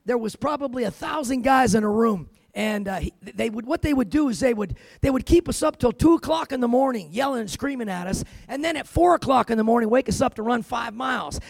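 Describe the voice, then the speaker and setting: A man's voice: extremely high pitch, creaky, no room sound. A man preaching a sermon, telling his own story with emphasis and dropping in "amen" and "man" as he goes. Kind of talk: sermon with personal testimony.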